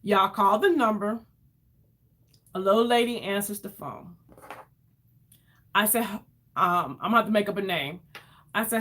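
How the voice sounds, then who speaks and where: A woman telling an emotional story to her viewers in a casual, animated way, calling them y'all and acting out what others said. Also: mid-range voice, measured pace, long pauses. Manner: animated, addresses viewers as y'all, acts out quoted voices. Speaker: vlogger.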